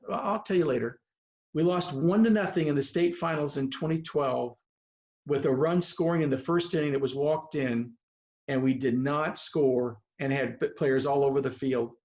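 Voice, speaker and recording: His voice fairly high with a darkish tone, an elderly baseball coach in his seventies or beyond rambles earnestly through heartfelt personal stories. He's speaking on a video call, picked up by the call's microphone, so the sound is muffled.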